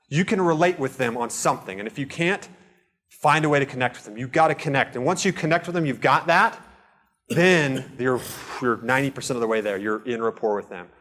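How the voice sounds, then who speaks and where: A man giving a live real estate seminar to a room, earnest and animated, acting out little dialogues. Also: medium pitch.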